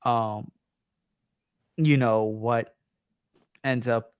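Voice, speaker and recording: A man's voice: mid-range voice, steady tone, extremely slow, clear, resonant tone. A man with a New York accent hosting a livestream, talking casually and rambling with lots of fillers, tired at three in the morning. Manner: rambling, many fillers and restarts. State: tired, late at night. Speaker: livestream host.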